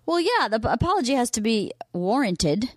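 An American woman chatting as a guest on her husband's home podcast, giving short, dry, teasing replies. Her pitch moves a lot, and her intonation is very lively. The sound is dry and close. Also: fairly quick, no room sound. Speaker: podcast guest, host's wife. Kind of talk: casual chat. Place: home studio.

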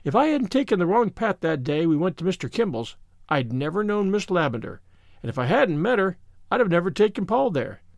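A man's voice: sits high, very animated, a little fast, creaky, no room sound, studio quality, heavily acted. A man voicing a dreamy, romantic young woman who speaks with rapture.

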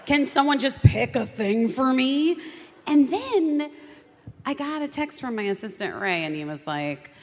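A woman, an actress guest on a talk show, giving a fiery, profane comic rant that breaks into shouting. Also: high voice, very animated, measured pace. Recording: reverberant hall.

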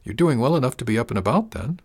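A motherly older herbalist woman, as a male storyteller puts her on. She speaks gently and reassuringly, with homely warmth and a wry edge. The voice stays only lightly lifted from his own. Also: mid-range voice, big pitch swings, fast, slightly rough, pitched above the performer's own voice. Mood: gentle.

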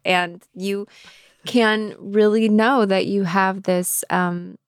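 A woman co-hosting a podcast, upbeat and quick to laugh, talking reflectively. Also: medium pitch, fairly even intonation, clear, resonant tone, no echo, clean studio sound. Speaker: podcast co-host. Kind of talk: casual chat.

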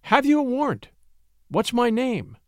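A man voicing a cool, cunning young attorney in a story reading, smooth and commanding. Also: extremely high pitch, very animated, unhurried, darkish tone, no echo, clean studio sound, voice pushed up, full character voice. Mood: indignant. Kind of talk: audiobook character voice.

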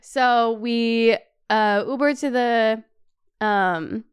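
A young woman hosting a podcast, telling a travel story in a casual, animated way, laughing often and swearing freely. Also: a little high, very slow, clear, resonant tone. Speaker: podcast host.

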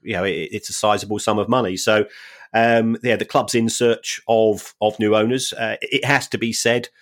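Hesitant low-voiced male football pundit. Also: fairly even intonation, moderate pace. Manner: hesitant, repeats words, dry. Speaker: podcast co-host, football finance expert. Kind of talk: casual chat.

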